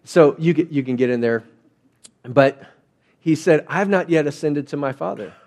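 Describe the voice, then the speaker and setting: Conversational pastor with a higher voice. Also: male voice, moderate pace, darkish tone. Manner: conversational storytelling, acting out quotes. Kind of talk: sermon.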